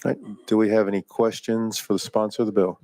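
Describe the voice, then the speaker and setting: A man's voice: fairly low pitch, level tone, brisk, dark tone, no room sound. Man chairing a legislative hearing. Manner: procedural, plain-spoken with frequent fillers. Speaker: committee chairman.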